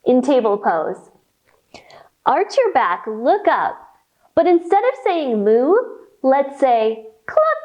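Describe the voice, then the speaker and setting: A woman leading a children's storytime with yoga instruction, reading aloud in a playful, expressive way. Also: on the high side, highs cut off. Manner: animated, playful, slow and expressive.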